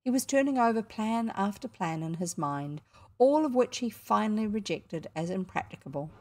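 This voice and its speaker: A woman with a New Zealand accent narrating a children's book in a measured, expressive way. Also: mid-range voice. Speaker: audiobook narrator. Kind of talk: storybook narration.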